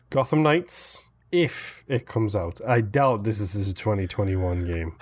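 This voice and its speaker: A man's voice: fairly low pitch, slow. A man co-hosting a casual gaming podcast, joking dryly and trailing off. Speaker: podcast co-host.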